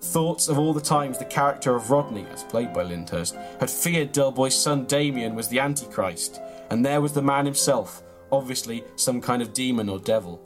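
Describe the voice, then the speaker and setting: With a straight face and mock-earnest pacing, a comedy podcast host reads aloud from his own ridiculous mock memoir at normal speed, his pitch in an ordinary middle range. Faint music runs underneath, and the deadpan reading later gives way to casual conversation.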